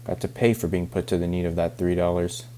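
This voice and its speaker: A man reading aloud as a self-pitying older backwoods farmer, halting over the rural dialect. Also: deep voice, completely flat delivery, warm tone, slight background noise, close to an everyday voice.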